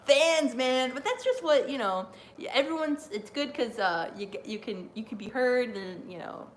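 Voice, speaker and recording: A woman's voice: high-pitched, very animated, unhurried, a little hiss or hum. A young woman hosting a live stream, rambling casually with lots of fillers and frequent laughter.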